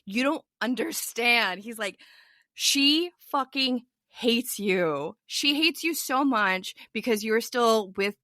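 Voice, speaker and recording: A young woman tells a story as a podcast guest, quoting each person in turn with lively energy. Her voice is bright and forward. The sound is dry and close, with almost no room in it. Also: fairly high pitch, slow, no room sound. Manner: animated storyteller, quotes others in a lively voice. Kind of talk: casual storytelling chat.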